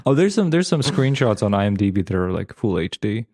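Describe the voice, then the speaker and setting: A man's voice: fairly low pitch, fairly quick, dry recording, studio quality. A man co-hosting a podcast, chatting casually and acting out movie scenes with frequent laughter. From former Yugoslavia. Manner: animated retelling, acting out scenes, laughs often. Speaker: podcast co-host. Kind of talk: casual chat.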